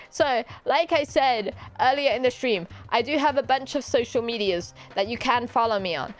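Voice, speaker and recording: A British woman streaming as a VTuber, chatting casually and playfully, laughing and teasing her viewers. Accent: British English. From Britain. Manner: playful, giggly, teasing, often bursting into high squeals. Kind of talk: casual chat.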